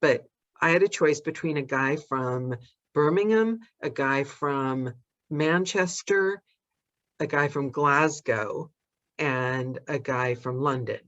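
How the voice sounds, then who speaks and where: A woman's voice: low voice, slow pace, a bit bright, no room sound, muffled recording. A woman from Los Angeles hosting a casual chat, bubbly and flirtatious, laughing often. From Los Angeles, United States. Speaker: podcast host.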